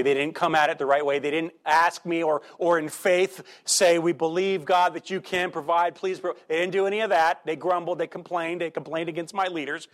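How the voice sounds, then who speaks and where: Male pastor, slightly raised pitch, conversational sermon delivery with rhetorical questions and animated swings in volume. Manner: animated, swings between loud emphasis and quiet asides.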